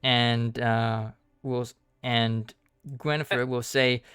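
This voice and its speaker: A man narrating as dungeon master of a tabletop game, measured and often pausing with fillers. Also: medium pitch, level tone, a bit bright, clean tone, no room sound, studio quality.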